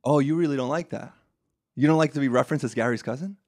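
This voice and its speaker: A man's voice: medium pitch, quick pace, dry recording, clean studio sound. A young man hosting a casual comedy podcast, telling stories and laughing often. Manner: joking, animated storytelling, laughs often. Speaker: podcast host.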